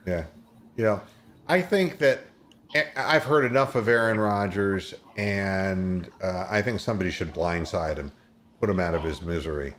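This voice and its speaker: A sports radio host in casual talk, retelling games play by play like a storyteller. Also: male voice, low voice, moderate pace, fairly bright tone, slight background noise.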